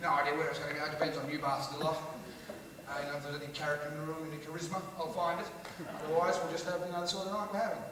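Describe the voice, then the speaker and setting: A man's voice: fairly high pitch, level tone, racing, far from the mic, background noise. A male stand-up comedian with an Australian accent, brash and profane, teasing the audience during a live show. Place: large music hall with a live audience. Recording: echoey hall taped from afar with loud crowd laughter.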